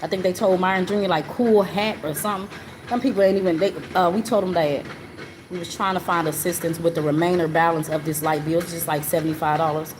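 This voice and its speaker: A woman with a lowish voice tells a story from her own life in casual conversation. She talks earnestly and circles back over her points, often checking that the listener is following. Clear background noise runs under her voice. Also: steady tone, quick pace. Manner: earnest and repetitive, often asks the listener "you know what I'm saying?". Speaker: live stream host.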